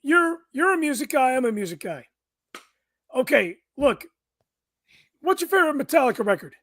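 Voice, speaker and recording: A man with an unusually high, thin, strained voice chatting casually as a podcast guest, blunt and quick to swear and laugh. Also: big pitch swings, sharp tone, no room sound, clean studio sound. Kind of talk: casual chat.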